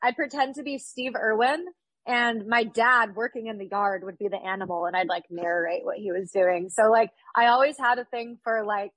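A woman's voice: fairly high pitch, fairly even intonation, normal speed, fairly bright tone, dry recording, low-quality recording. A woman in her thirties from California, chatting upbeat and casually as a podcast guest, with lots of fillers. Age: 30s.

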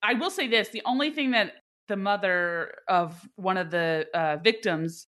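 A woman's voice: medium pitch, measured pace, a bit bright. A woman co-hosting a podcast, chatting casually with sarcastic jokes. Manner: sarcastic, jokey. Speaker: podcast co-host. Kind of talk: casual chat.

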